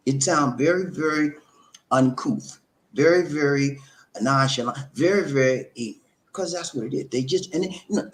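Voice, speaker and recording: A middle-aged man hosting a live advice talk, preachy and repetitive, calling viewers his friends. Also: on the high side. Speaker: host of a relationship channel.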